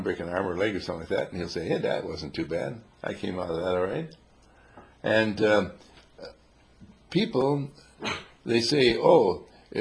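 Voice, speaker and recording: A small group hears rambling, comic tales from an older man whose voice is very deep and gravelly. His manner is playful, with frequent chuckles and the odd old-timey exclamation.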